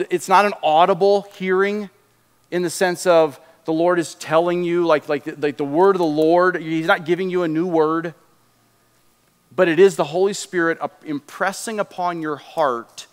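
Animated preacher man in a reverberant hall. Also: fairly high pitch. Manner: animated, conversational preaching that drops to a hushed prayer. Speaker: pastor. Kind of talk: sermon. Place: church sanctuary.

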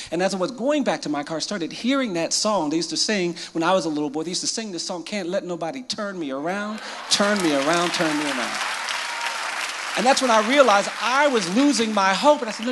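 A man with a gravelly, raised voice tells a story. He talks quickly and pauses for effect, quoting others in his own voice. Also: high voice. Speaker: speaker telling a story; lawyer. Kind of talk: storytelling talk.

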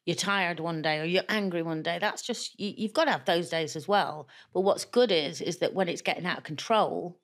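A woman's voice: on the low side, normal speed, few pauses. A middle-aged woman guest talking frankly and chattily in a podcast interview, laughing easily and acting out the things people said to her. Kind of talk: candid conversational interview.

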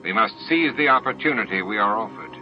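A man's voice: fairly low pitch, expressive, a little fast, highs cut off, faint music behind, natural voice. Man reading as a solemn alien hive leader.

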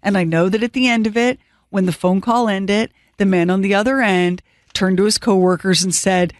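A middle-aged woman tells a story to her co-host with animated, self-mocking energy. Her voice sits at a middle pitch. It is recorded close and dry in a studio. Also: moderate pace, no room sound. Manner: animated, self-mocking storytelling with squeaky teary quoted outbursts. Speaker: radio show co-host. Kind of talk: storytelling chat.

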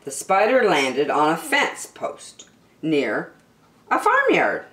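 A woman reading a picture book aloud to children in an animated, sing-song storytelling voice. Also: lowish voice, takes it slowly, reverberant.

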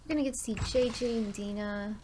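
A woman hosting a let's play, chatting casually and thinking aloud, now and then dropping to soft asides. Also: fairly high pitch, quick pace, a little hiss or hum. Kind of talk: casual gameplay commentary.

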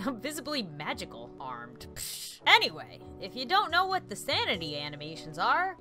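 A young adult woman hosting a let's play with excitable commentary, breaking into shrieks and laughter, on a desk mic at home. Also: mid-range voice. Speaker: gaming video host.

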